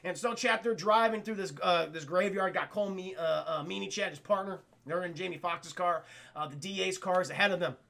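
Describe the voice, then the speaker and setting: A man's voice: high voice, brisk, creaky, sharp tone. A man giving a casual, profane film review to a live chat, laughing often.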